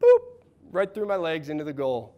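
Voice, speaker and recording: Man in his thirties, coach leading a workshop, upbeat and encouraging, slightly higher voice. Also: normal speed, muffled recording. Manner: energetic, encouraging, asks the room questions. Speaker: mental performance coach. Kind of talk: workshop talk to a live audience.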